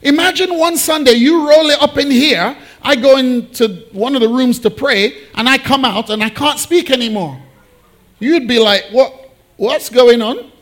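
A man preaching a sermon, switching into playful voices to act out Bible figures. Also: very high-pitched. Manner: animated, acts out biblical figures in quick asides. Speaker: pastor.

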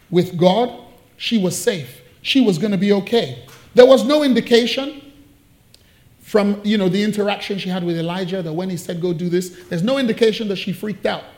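A man's voice: high-pitched, a little mellow. A man preaching a sermon, telling a story with playful asides and jokes.

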